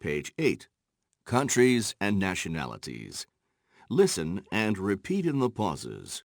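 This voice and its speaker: A man narrating textbook exercises in a slow, instructional way, with a gravelly voice. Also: sits low, huge pitch swings, dry recording, studio quality. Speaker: course narrator.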